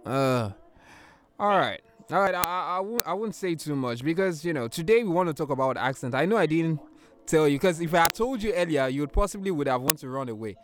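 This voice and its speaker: A man's voice: a little high, fairly quick. Laughing Nigerian man hosting a chat. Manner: laughs often, relaxed and joking. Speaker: host. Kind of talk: casual chat.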